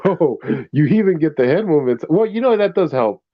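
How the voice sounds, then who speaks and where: A man's voice: a little high, lively intonation, brisk, no echo, dull audio. A man who grew up speaking Spanish, chatting casually as a podcast host, rambling with many restarts and laughing often. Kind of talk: casual chat.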